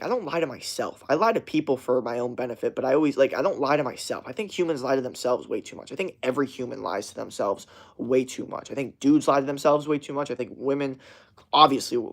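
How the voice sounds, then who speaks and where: A young man streaming a casual rant to his chat, swearing constantly and rambling with many fillers and restarts. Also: mid-range voice.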